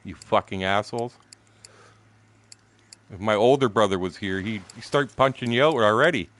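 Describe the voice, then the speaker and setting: A man's voice: lowish voice, normal speed, a bit bright. A man in his sixties, a gaming streamer, telling a story in blunt, profane, casual talk. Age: 60s.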